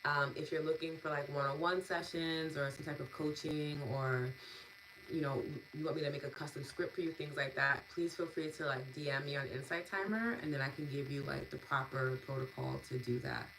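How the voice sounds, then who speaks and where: Low-voiced woman, gushing and warm. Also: fairly even intonation, a little fast, background noise. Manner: warm, gushing, laughs often, lots of fillers. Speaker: EFT and meditation host. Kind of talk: live-stream wrap-up, reading chat comments.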